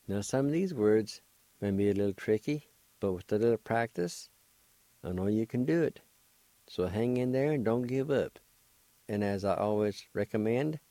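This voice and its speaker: Slow, patient man spelling out words. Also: on the low side, warm tone, no echo, low-quality recording. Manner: patient, spells letter by letter, repeats. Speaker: radio host teaching language. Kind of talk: slow spelling and pronunciation lesson.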